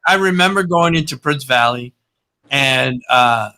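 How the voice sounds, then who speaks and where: Bright-voiced man telling stories casually. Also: medium pitch, expressive, unhurried, rough recording. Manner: rambling, profane storytelling with repeated words. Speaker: podcast host. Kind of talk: casual podcast chat.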